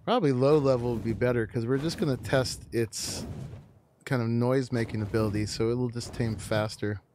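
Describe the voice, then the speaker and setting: A man's voice: medium pitch, moderate pace, a little hiss or hum. A man streaming a video game, chatting casually and rambling with frequent chuckles as he plays. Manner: relaxed, rambling, chuckles often. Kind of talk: casual live-stream commentary.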